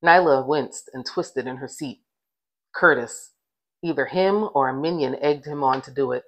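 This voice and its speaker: A woman's voice: very deep voice, normal speed, rough recording. Woman reading a children's story aloud. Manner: gentle, expressive reading with voiced dialogue. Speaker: author reading her own novel. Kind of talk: storybook narration.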